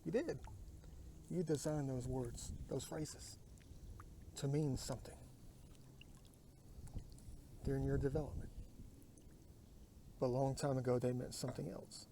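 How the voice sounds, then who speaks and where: Man vlogging from a kayak out on a lake, mellow voice, musing into his phone, often drops to a murmur. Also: mid-range voice, fairly even intonation, moderate pace, pauses often, slight background noise. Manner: muses aloud, drifting to murmurs and whispers. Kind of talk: rambling outdoor vlog.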